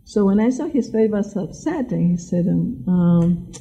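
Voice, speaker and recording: An older woman, a former farm worker, recalls her union days in halting English full of fillers and restarts. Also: mid-range voice, expressive, dark tone. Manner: halting, non-native grammar, many fillers and restarts. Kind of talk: personal oral history storytelling. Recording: tinny phone-like recording.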